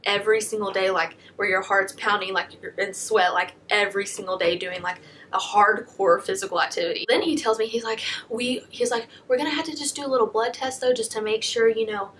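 A young woman YouTuber telling a personal story in a soft, confessional way, packing almost every phrase with "like". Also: mid-range voice, steady tone, a little fast, a little hiss or hum. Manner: heavy filler "like", soft confessional.

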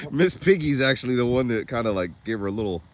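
A young man vlogging casually around his farm and new house, chatting, laughing often and using high baby talk with the animals. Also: expressive, fairly quick. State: soaked from rain. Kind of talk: casual vlog narration. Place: outdoors on a farm, and a house under construction.

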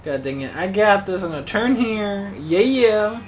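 A man's voice: high-pitched, lively intonation, normal speed, slight background noise, rough recording. A young man giving casual gameplay commentary as a channel host, rambling and joking and muttering exclamations to himself.

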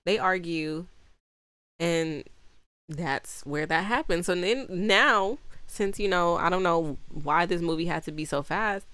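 A woman's voice: on the low side, slow, a bit bright, no room sound. A young woman recapping a movie in a casual, rambling way, full of "like" fillers, blunt swearing and frequent laughter. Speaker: movie reviewer.

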